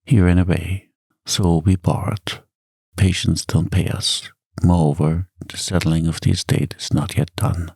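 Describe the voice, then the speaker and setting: A man voicing a lovelorn, pleading young wife in a soft-spoken storybook reading. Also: deep voice, flat delivery, a little slow, gravelly, slightly rough, no room sound, heavily acted. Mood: urgent.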